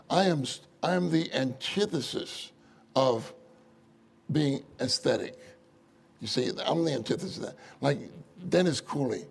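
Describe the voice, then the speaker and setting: A man preaching a sermon in an animated way, often asking the audience rhetorical questions and chuckling through his stories. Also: fairly high pitch, creaky, slightly rough. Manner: chuckles often while telling anecdotes.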